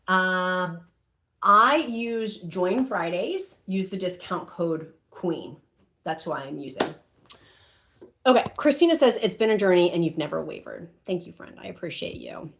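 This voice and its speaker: A middle-aged woman with a low, gravelly voice hosts a shopping livestream, reading out viewer comments in casual, emotional chatter packed with fillers.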